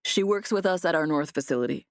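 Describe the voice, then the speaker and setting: A woman voicing a relaxed, teasing young man. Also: sits low, fast talker, no echo, clean studio sound. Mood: easy teasing.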